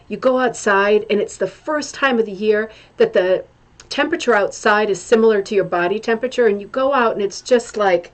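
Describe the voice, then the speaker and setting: Middle-aged woman host, casual livestream chat, rambling asides, mid-pitched voice. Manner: chatty, greets viewers by name, scattered asides.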